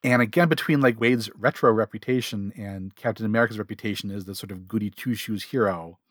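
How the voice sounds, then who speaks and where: A man co-hosting a comics podcast, talking quickly and often breaking off and restarting his sentences. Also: fairly low pitch, a bit bright, no echo, clean studio sound. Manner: quick, self-interrupting, repeats words. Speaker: podcast co-host. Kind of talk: casual chat about comics.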